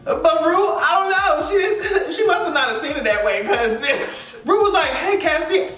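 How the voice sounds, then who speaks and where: A man with a high, bright voice recaps a show in a lively, expressive way, full of slang and cursing. He sounds somewhat distant from the mic in an echoey room. Faint music plays behind him. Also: normal speed. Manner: animated, expressive, heavy slang and profanity. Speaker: recap vlogger. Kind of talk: casual reaction recap.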